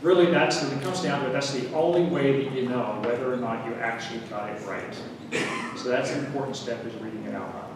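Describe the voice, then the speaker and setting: A man giving a workshop talk on writing at a writers' meeting, teaching in a relaxed way with wry asides. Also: medium pitch, fairly quick. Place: meeting hall. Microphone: room recording from a distance. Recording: echoey hall recorded from far off with noise.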